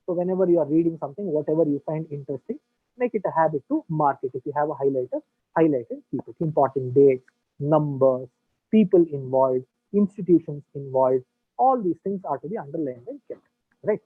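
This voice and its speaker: A man's voice: fairly high pitch, lively intonation, a little fast, slightly rough, dry recording. A man teaching an online coaching class, explaining step by step with frequent fillers and rhetorical questions. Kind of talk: online lecture. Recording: tinny, dry, lo-fi line with faint music.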